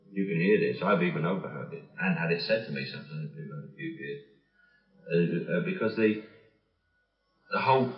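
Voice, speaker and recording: A very low-pitched man with a Cockney London accent, talking in an interview. He restarts his sentences often, then lands wry, pointed remarks. The recording is old and dull, heard from a distance in an echoey room. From London, England. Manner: hesitant, with frequent restarts and fillers, wry and pointed. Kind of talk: reflective interview talk.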